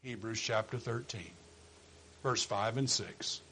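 A man preaching a sermon, swinging from quiet low asides to loud high exhortation and acting out quoted voices. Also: slow pace, slight background noise, rough recording. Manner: acts out quoted voices of listeners and God.

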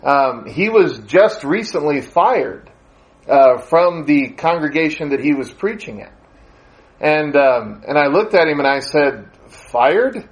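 A man's voice: a little high, lively intonation, measured pace, low-quality recording. A man preaching a sermon, telling a long anecdote in a conversational way, with fillers and the odd chuckle. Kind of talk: sermon storytelling.

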